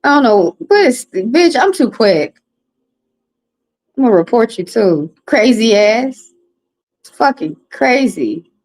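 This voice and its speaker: A woman's voice: a little high, animated, takes it slowly, pauses often, darkish tone, rough recording. Woman reading tarot cards on a livestream, blunt, cusses a lot, wanders off on tangents. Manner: blunt, rambling and profane, with frequent asides. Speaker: tarot card reader. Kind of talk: casual livestream card reading.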